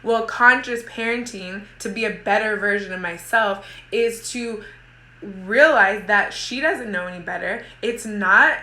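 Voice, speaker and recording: A woman in her thirties talks casually and motivationally, rambling and peppering her speech with "like" as she restarts her sentences. Her voice is bright and forceful. The sound rings around an echoey room. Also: medium pitch, unhurried. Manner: rambling, heavy use of "like", frequent restarts. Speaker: mother and women's group coach.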